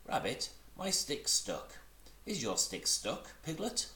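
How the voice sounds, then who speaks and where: A man voicing a small, excited young male kangaroo in a storybook reading, eager and chattering in a high, bright voice. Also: slow, heavily acted. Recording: roomy echo.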